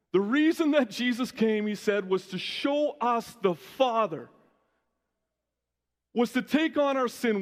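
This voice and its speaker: A male pastor giving a lively, conversational sermon, often restarting his sentences. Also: very high voice, in a large hall.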